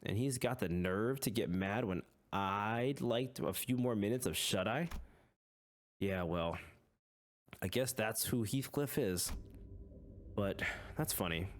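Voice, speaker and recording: A man's voice: fairly low pitch, animated, slow pace, pauses often. A man reading game text aloud and reacting, in a jokey, dramatic way. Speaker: gaming YouTuber.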